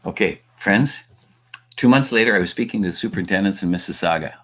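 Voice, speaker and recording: Brief: lively male storyteller from Canada, lowish voice, speaker at a talk. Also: fast. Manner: animated storyteller acting out dialogue. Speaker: guest speaker and author.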